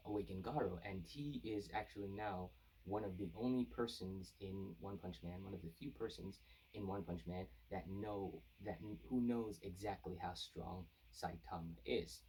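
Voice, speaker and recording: Rambling husky man reviewing manga. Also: sits low, normal speed, dark tone. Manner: rambling, many fillers and restarts. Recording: voice distant from the mic.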